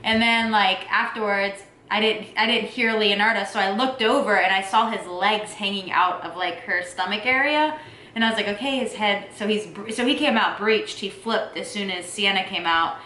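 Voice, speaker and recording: A woman chats through a story with lively energy, jumping into high squeals when she quotes people. Her voice is bright and clear, and the room around her is echoey, with faint noise behind. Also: moderate pace. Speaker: vlogger, partner of the mother. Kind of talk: casual storytelling.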